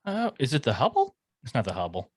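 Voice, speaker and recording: A man's voice: mid-range voice, huge pitch swings, quick pace, husky, dry recording. A man co-hosting a podcast in casual chat, laid-back with dry jokes and short agreeing replies. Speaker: podcast co-host.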